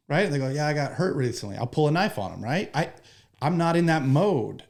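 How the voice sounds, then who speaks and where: Gravelly-voiced joking firefighter. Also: male voice, mid-range voice, quick pace. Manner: animated, joking, profane. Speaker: firefighter guest. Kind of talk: storytelling in a podcast interview.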